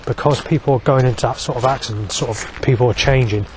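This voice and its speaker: A man's voice: mid-range voice, steady tone, quick pace, slight background noise. A man talking in a long, rambling vlog monologue, swearing heavily and restarting sentences, with many fillers.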